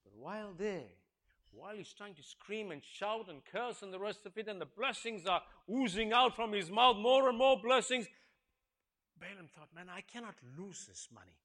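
A male preacher retelling a story in a sermon, acting out the characters and asking the congregation questions, swinging from hushed tones to loud exclamations. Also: sits high, normal speed. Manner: dramatic, swings from hushed to shouting, acts out characters.

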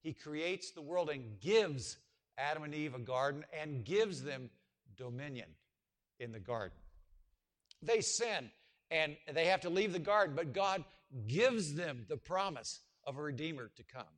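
A man preaching a sermon, swinging between hushed, low passages and loud, emphatic call-and-response questions to the congregation. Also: lively intonation, unhurried. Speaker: pastor.

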